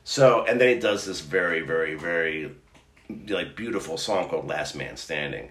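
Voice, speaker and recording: A man's voice: extremely low pitch, moderate pace. Rambling middle-aged man in a roomy space. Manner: rambling, animated storyteller, many restarts. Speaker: podcast co-host. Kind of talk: casual chat. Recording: roomy echo.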